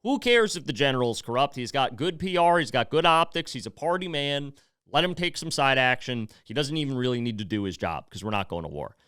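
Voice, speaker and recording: An American man hosting a podcast in a loose, rambling way, full of asides and fillers. His voice is smooth and clear, and his pitch moves a lot. The sound is close and dry, with no room echo. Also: animated, brisk, a bit bright. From United States. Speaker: podcast host. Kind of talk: casual news commentary.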